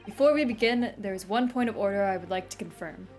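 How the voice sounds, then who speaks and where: A woman reading a formal male judge in a courtroom game, measured and commanding. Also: medium pitch, darkish tone, soft background music, lightly acted.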